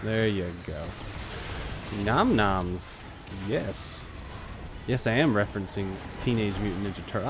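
A man giving live commentary while playing an online shooter, excitable and joking, trash-talking his opponents. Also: lowish voice, normal speed, slight background noise. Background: faint background music.

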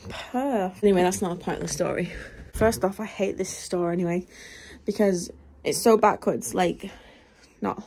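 A woman's voice: medium pitch, normal speed, darkish tone, slight background noise. A young woman vlogging in a casual rant, rambling and exasperated, often dropping to a whisper. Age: young adult. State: out of breath; tired.

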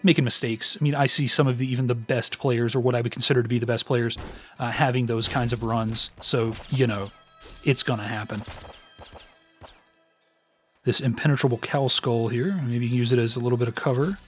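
A man's voice: medium pitch, fairly even intonation, fairly quick, faint music behind. Self-deprecating man commenting on gameplay. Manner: self-deprecating, rambling with many fillers. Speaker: let's play host.

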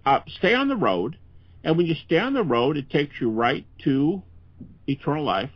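This older scholar, interviewed as a podcast guest, has a slightly high, sing-song voice at normal speed without echo. He talks earnestly and conversationally with frequent restarts, captured in dull, lo-fi audio.

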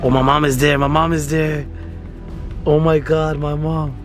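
Giggly high-voiced young man vlogging. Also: little pitch movement, measured pace, faint music behind. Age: late 20s. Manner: giggly, laughs through his words; loose slangy talk. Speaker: vlogger pranking friends. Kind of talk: casual prank vlog chat.

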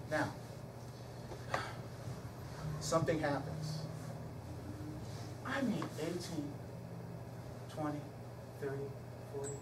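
A middle-aged man speaks as a guest in a storytelling lecture, swinging between loud excitement and quiet, hushed moments. He is picked up from a distance in a roomy, echoing hall. Clear background noise sits under his voice. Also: on the high side. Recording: echoey hall from far off, noisy.

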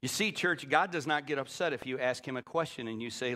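A middle-aged man preaching a sermon as pastor, rising to loud emphatic peaks and dropping low and quiet for quoted lines. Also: quick pace, few pauses. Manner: drops to a low, quiet voice when quoting the Spirit.

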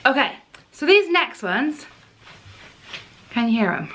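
A woman's voice: on the high side, very animated, takes it slowly, bright, forceful tone, slight background noise. A young woman chatting casually to camera in a try-on haul, outspoken and exasperated. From United Kingdom. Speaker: fashion vlogger.

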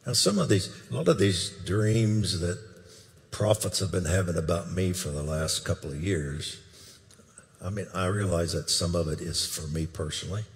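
Slow, low-voiced older man preaching. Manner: emphatic, with sudden loud bursts and questions to the crowd. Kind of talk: sermon, recounting a prophetic dream. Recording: long hall reverb.

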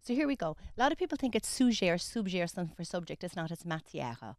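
A woman's voice: fairly low pitch, sing-song, fast, darkish tone, no echo, clean studio sound. An Irish woman teaching French phrases on the radio, explaining patiently and modelling the pronunciation. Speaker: French tutor.

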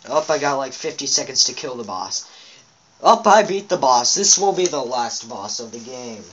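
A man's voice: mid-range voice, big pitch swings, moderate pace, a bit bright, dull audio, slight background noise. A man giving rambling, chatty commentary on his own gameplay, talking straight to his viewers from a home setup. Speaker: let's play gamer.

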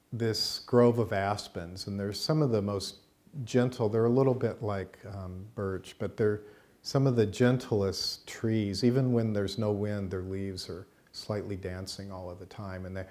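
A man teaching a course, telling a story in a conversational, unhurried way and checking in with his listeners, in a college teaching room. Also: lowish voice, darkish tone. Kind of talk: storytelling lecture.

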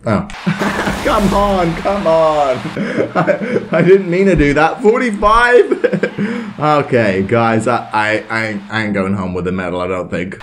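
A man giving excitable live commentary over a sports video game, hyping himself up and laughing at his own results. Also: medium pitch, a little slow, a little hiss or hum, rough recording. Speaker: gaming YouTuber. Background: video game music.

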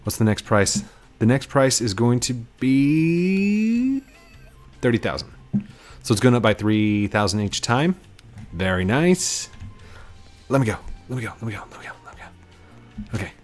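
A man's voice: medium pitch, very animated, moderate pace, pauses often, soft background music. A man giving casual let's play commentary as a gaming YouTuber, goofy and playful, talking to his viewers.

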